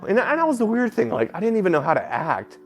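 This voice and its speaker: A man telling a painful personal story as an interview guest, halting and breaking off with filler sounds, sounding close to tears. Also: sits high, wildly swooping pitch, soft background music. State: emotional, near tears. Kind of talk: emotional personal account.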